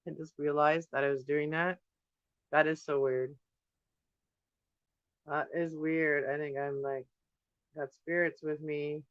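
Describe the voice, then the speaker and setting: A livestream host paints on camera indoors at home, speaking slowly in a fairly high, bright, smooth voice with little pitch movement and long pauses. He thinks aloud, drifting from topic to topic with fillers in a loose, rambling chat. The sound is dry and close, with a dull, lo-fi stream quality.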